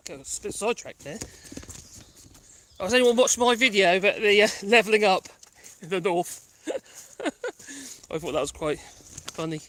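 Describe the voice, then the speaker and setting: A man with a high voice that leaps around animatedly, rambling wryly as he walks his dogs in the countryside. He drifts easily off topic into offhand chat, recorded on a small mic outdoors. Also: animated, moderate pace, pauses often, fairly bright tone, dry recording. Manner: rambling, wry, easily sidetracked. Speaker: vlogger. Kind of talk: casual chat while walking dogs.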